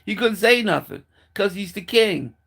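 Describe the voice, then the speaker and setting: A man's voice: high voice, animated, moderate pace, creaky, a bit bright, husky. A man giving a casual, blunt opinion monologue, mocking and profane, with lots of fillers and restarts. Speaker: commentator.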